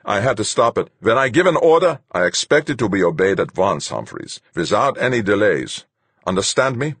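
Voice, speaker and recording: A man playing a stern, humorless ship captain who gives orders in a slow, forceful way. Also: low voice, big pitch swings, husky, no room sound, voice pushed up, heavily acted. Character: stern, gruff middle-aged male ship captain.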